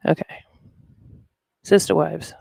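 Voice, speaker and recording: A podcast host speaks slowly in a dark tone, rambling casually and muttering to themselves while looking things up. The recording is dry and studio quality.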